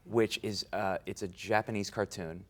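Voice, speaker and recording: A man in his twenties, an actor being interviewed, talking in a casual, animated way and laughing through his stories. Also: lowish voice, normal speed. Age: 20s. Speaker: guest actor.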